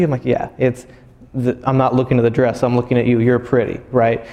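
A man's voice: mid-range voice, fairly even intonation, normal speed, warm tone. A man in his thirties giving a sermon, earnest and personal, often restarting his phrases. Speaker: pastor. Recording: hall with long reverb.

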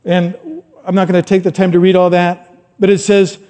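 A man's voice: high-pitched, level tone, normal speed. Middle-aged man preaching in a reverberant hall. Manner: conversational, rambling asides, rising to loud emphatic quotes. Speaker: pastor. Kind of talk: sermon.

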